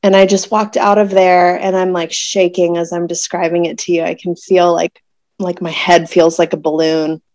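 A woman in her thirties recounts a painful personal story in an unhurried, conversational way. Her voice sits low for a woman, recorded close and dry with no room sound, and she pauses often and reaches for words. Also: little pitch movement, a little mellow, dry recording. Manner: emotional, searching, many pauses and fillers. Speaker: guest telling a birth story.

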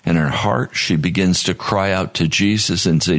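A man's voice: low voice, moderate pace, hardly any pauses, fairly bright tone. A man preaching a sermon as pastor, earnest and at times pleading in prayer.

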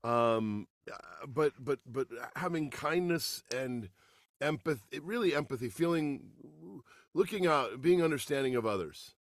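A middle-aged man and voice actor chatting as an interview guest, lively and prone to acting out quotes. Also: mid-range voice, unhurried, no echo, studio quality. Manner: animated, slips into voices and shouts for quotes. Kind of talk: casual interview chat.

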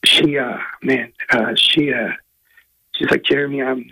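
A man, a guest musician, telling a personal story in an earnest, halting, emotional way from a hotel room. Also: medium pitch, steady tone, creaky, sharp tone, breathy edge, rough recording.

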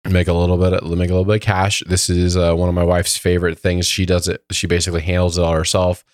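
A man with a very low voice chats casually on a podcast while getting over a cold. He rambles through stories, padding them with ums and uhs. The sound is close and dry. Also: monotone, fast talker, no room sound. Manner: rambling storytelling with many fillers. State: voice lowered by a cold. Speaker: podcast co-host. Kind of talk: casual chat.

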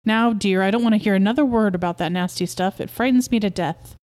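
A woman's voice: medium pitch, fast talker, darkish tone, lightly acted. A woman reading a story aloud, voicing an anxious, fussing young mother who scolds primly. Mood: fretful. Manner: fretful, prim scolding.

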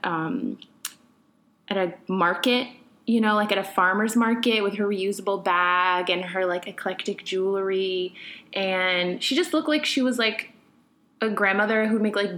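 A woman's voice: medium pitch, fairly bright tone. Candid young woman podcast host. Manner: candid, conversational, many fillers. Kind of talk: reflective personal storytelling.

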